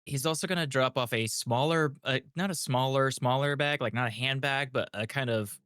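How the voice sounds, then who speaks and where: A man's voice: mid-range voice, normal speed, fairly bright tone, clear, resonant tone, no room sound, clean studio sound. A man describing his character's moves in a tabletop game, hesitant with many fillers.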